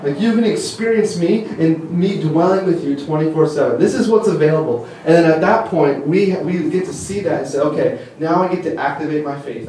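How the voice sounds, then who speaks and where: A fairly high-voiced young man preaches in a loose, chatty way, piling up fillers as he tells stories with enthusiasm. He sounds distant from the mic, his voice echoing around a big hall with a faint hum beneath. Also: a little mellow. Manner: rambling, filler-heavy, enthusiastic storytelling. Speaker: conference speaker. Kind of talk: casual sermon teaching. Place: church hall. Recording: echoey hall from far off.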